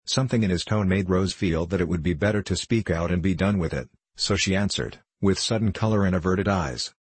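A man reading a classic novel aloud in measured, even storytelling. His voice is very low and husky, and the recording is close and dry with no room around it. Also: no room sound. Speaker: audiobook narrator. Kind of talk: scripted narration of a classic novel.

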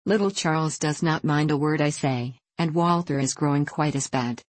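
A peevish young wife, as a woman reader puts her on complains plaintively in a storybook reading. Her voice sits low and is recorded close and dry. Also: moderate pace, no room sound. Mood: complaining. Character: peevish self-pitying young married woman.

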